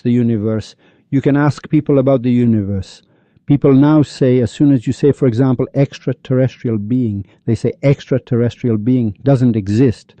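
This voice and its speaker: A man's voice: mid-range voice, mellow, no room sound. A man giving a rambling spiritual lecture that drifts between questions to the audience and retold stories with quoted dialogue. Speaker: religious speaker. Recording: dull lo-fi recording.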